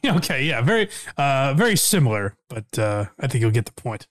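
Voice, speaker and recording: A man co-hosting a podcast and talking casually with a quick, animated delivery full of fillers. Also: mid-range voice. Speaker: podcast co-host.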